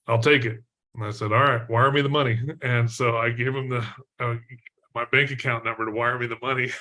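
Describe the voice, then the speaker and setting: A middle-aged man from Texas, a podcast guest telling a story in a lively way, laughing often and using lots of fillers. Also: mid-range voice. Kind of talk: storytelling in an interview.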